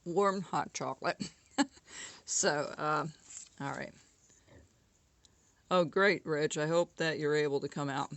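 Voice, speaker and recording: Gravelly woman teaching woodcarving. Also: low-pitched, slow pace, pauses often, fairly bright tone. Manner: chatty, corrects herself often. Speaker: woodcarving instructor. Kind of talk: casual carving tutorial.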